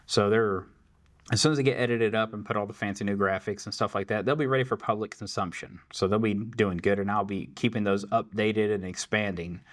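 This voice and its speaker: A man's voice: on the low side, steady tone, brisk. A man hosting a casual tech Q&A, answering viewer questions in a loose, chatty way full of fillers. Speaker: tech support host. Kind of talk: casual Q&A livestream.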